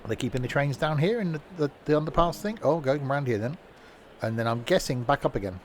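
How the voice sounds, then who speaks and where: A man chats his way through a game stream, rambling and self-mocking, with lots of uhs and half-finished thoughts. His pitch swoops up and down in lively jumps, and a faint hiss sits under the voice. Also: quick pace. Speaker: streamer playing a train simulator. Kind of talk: casual live-stream commentary.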